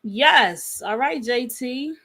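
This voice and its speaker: Woman co-host, high bright voice, casual slangy recap chat. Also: slow pace, slightly rough. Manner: animated, laughing, slangy retelling.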